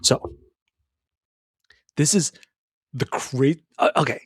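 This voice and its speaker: A man's voice: on the high side, animated, slow, breathy edge, dry recording, clean studio sound. A young adult man hosting a casual film talk for men, rambling and calling the listener brother. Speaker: men's self-help film commentator. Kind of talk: casual monologue about a film.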